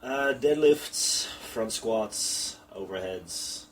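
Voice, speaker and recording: A man's voice: lowish voice, animated, very slow. A man chatting casually on a podcast, laughing easily and explaining strongman technique. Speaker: strongman coach and podcast co-host. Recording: distant from the mic, faint background noise.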